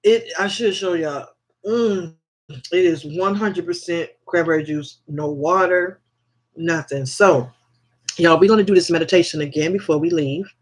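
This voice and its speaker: Slow-talking high-voiced man leading affirmations. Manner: slow, repetitive chanting of affirmations, affectionate toward viewers. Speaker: livestream host. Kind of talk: spiritual affirmation livestream.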